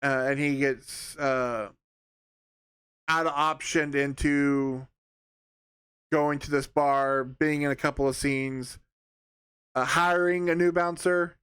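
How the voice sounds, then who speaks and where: A young man talks through a film review in a loose, rambling way, full of fillers and false starts. His voice sits a little high for a man and sounds smooth and clear. The recording is dry and close, with no room sound. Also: fairly bright tone, no echo. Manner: rambling, sarcastic, lots of fillers and restarts. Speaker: movie reviewer. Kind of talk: casual spoken film review.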